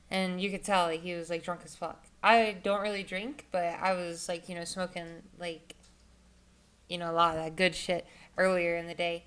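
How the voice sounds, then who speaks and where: A woman's voice: lowish voice, little pitch movement, moderate pace, fairly bright tone, smooth. A young woman vlogger telling a story in a casual, rambling way, full of filler words and swearing.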